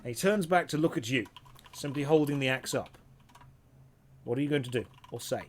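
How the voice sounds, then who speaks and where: A man narrating a tabletop game as dungeon master, in a measured storytelling manner. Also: mid-range voice, a little hiss or hum.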